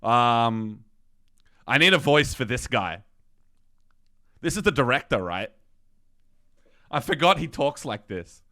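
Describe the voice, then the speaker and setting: A man's voice: mid-range voice, expressive, slow, long pauses, pushed and bright, no echo, clean studio sound. A man streaming a video game, chatting and mumbling asides as he plays. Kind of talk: casual game playthrough, reading dialogue. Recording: game music behind the voice.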